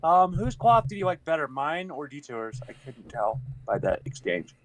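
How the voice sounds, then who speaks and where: A man's voice: a little high, very animated, normal speed, slight background noise, poor audio. A man playing a tabletop role-playing game in character, joking in a polite, slightly hesitant way. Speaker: player.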